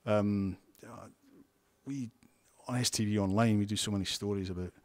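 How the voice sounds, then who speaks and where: A man's voice: fairly low pitch, steady tone, moderate pace, a little mellow. A Scottish man, a television news presenter, giving chatty interview answers full of restarts and wry asides. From Scotland.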